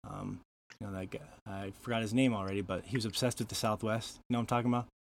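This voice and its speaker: A man's voice: on the low side, steady tone, fast, a little hiss or hum. Joking man hosting a podcast. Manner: joking, laughs often. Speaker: podcast host. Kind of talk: casual podcast chat.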